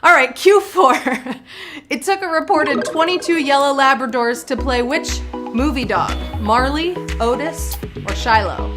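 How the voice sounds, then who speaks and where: Bubbly high-voiced woman quiz host. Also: measured pace, over music. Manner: bubbly, punny, playful banter. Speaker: trivia game show host. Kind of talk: live quiz show hosting.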